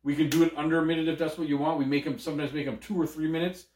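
A man's voice: fairly high pitch, fairly even intonation, racing, a little mellow, echoey room, a little hiss or hum. A man co-hosting a podcast, rambling and swearing in loose casual banter. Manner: rambling, laughing, swearing often. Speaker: podcast co-host.

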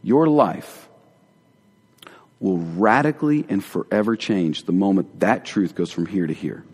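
Man preaching a sermon, chatty and earnest, gets quiet to make a point, big echoey church. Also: deep voice, expressive, unhurried, husky. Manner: conversational, earnest, drops to hushed tones for emphasis. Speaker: pastor. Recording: long hall reverb.

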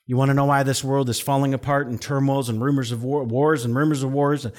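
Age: middle-aged. Sex: man. Role: pastor. Style: conversational sermon, easygoing and chatty, even mid pitch. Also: fast talker. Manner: storytelling, chatty asides, jumps high for quoted outbursts; drops soft and low on serious points.

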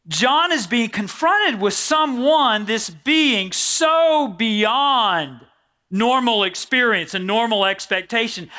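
A man preaching a sermon, reading scripture aloud in an animated way and joking with the congregation. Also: high-pitched. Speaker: pastor.

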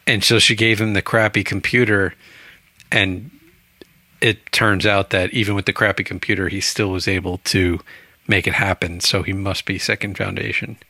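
Chatty low-voiced man, bright and dry. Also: flat delivery, moderate pace, dry recording. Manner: chatty, rambling, laughs often. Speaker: book club podcast co-host. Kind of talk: casual book discussion.

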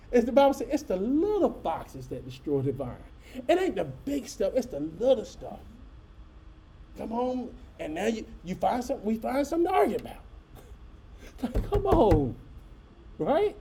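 A middle-aged man, a pastor telling a folksy story to his congregation with lively asides. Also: very high voice, a little slow, long pauses, slight background noise. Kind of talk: storytelling sermon.

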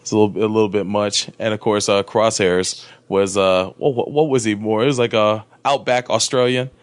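A man's voice: lowish voice, fairly even intonation, normal speed, no room sound. A laid-back man in casual movie review chat, mostly chiming in with short agreements.

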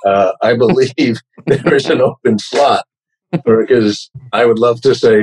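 A man in his sixties with a New York accent talks as a podcast guest, husky and slightly breathy in tone. He tells stories with wry, self-deprecating humor, at a middling pitch. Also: a little slow, darkish tone, rough recording. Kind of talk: casual interview chat.

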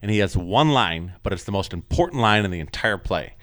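A man telling a long joke on a casual podcast, jumping into high voices for the characters. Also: brisk, no echo, studio quality. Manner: animated storytelling, jumps into high voices for the characters. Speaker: podcast co-host.

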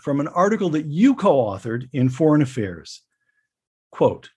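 A man hosting an interview, introducing his guest and reading quotations in a measured, deliberate way. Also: fairly high pitch, sing-song, a little mellow, slightly rough. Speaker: interviewer host.

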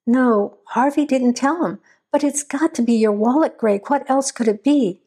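A frightened young woman pleads anxiously, her voice pitched fairly high, as a woman narrator puts her on. She sounds loyal but scared. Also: normal speed, dark tone, husky. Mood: worried.

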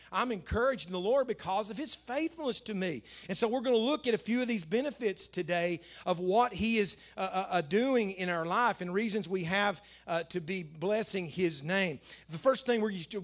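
A man's voice: high voice, a bit bright. A middle-aged male pastor preaching a conversational sermon, repeating phrases and rising to emphatic scripture quotes.

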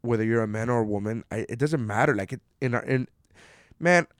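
A man in his thirties ranting casually, cursing often and swinging from low mutters to loud outbursts. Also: brisk, dry recording, clean studio sound. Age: 30s. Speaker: commentator reading an article. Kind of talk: casual rant.

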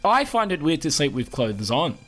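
A man co-hosting a podcast, chatting casually with blunt, sweary, deadpan quips. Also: a little high, moderate pace, soft background music. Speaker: podcast co-host. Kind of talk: casual chat.

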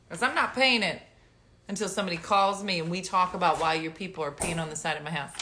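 A woman's voice: medium pitch, fast talker, bright, forceful tone, slight background noise. A middle-aged woman casually chatting and telling stories on a home livestream, mock-outraged and laughing often. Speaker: livestream host. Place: home, indoors.

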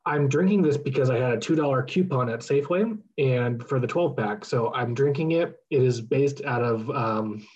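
A man's voice: medium pitch, moderate pace, hardly any pauses, darkish tone, slightly rough, muffled recording. A man from California co-hosting a casual podcast, talking in a mock-dramatic, theatrically emotional way. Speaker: podcast co-host.

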